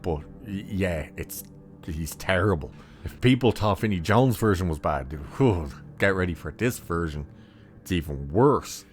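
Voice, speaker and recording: A man giving a casual, rambling spoken film review, blunt and full of restarts and asides. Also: low voice.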